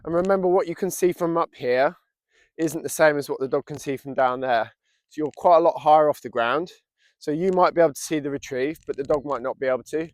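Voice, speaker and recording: A man with an English accent, a dog trainer calmly explaining his method and giving short commands to a dog outdoors. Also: on the high side, fairly quick. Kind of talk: outdoor training lesson to camera. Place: outdoors in a field.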